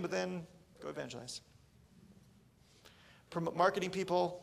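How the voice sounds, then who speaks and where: Guy pastor preaching, joking around, slightly high voice with a gravelly edge. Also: fairly quick. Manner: casual, joking, animated. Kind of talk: sermon.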